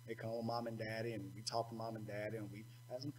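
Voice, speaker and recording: A man's voice: medium pitch, fairly even intonation, quick pace, hardly any pauses, slight background noise, rough recording. A man preaching a sermon at a youth seminar, colloquial and call-and-response in manner.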